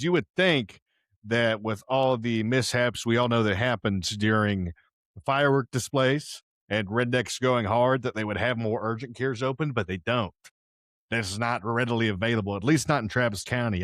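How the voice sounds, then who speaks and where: A young man from Houston, Texas, hosts a podcast and tells a casual, rambling story full of slang. He wears headphones, is partly deaf in one ear, and is close-miked; his medium-pitched voice is a bit bright, in studio quality with no echo.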